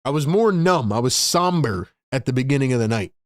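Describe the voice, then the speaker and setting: A man in steady, middle-pitched tones calls the game play-by-play for a live online stream. His delivery is exasperated and chatty, and it breaks off to talk to viewers. The sound is dry and close, with no room around it. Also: fairly quick, dry recording. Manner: frustrated, exasperated, chats to viewers. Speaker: live-stream sports commentator. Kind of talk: live play-by-play with fan reaction.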